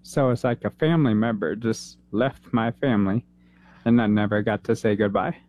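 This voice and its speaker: A man in his thirties, a veteran, telling an emotional personal story in an interview, earnest and halting, holding back tears. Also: on the low side, a little mellow, dull audio. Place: San Antonio, Texas.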